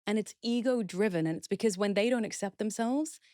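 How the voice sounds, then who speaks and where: A woman's voice: mid-range voice, a little fast, dark tone, dry recording, clean studio sound. A woman speaking as a guest expert in a podcast interview, explaining steps earnestly and acting out example phrases.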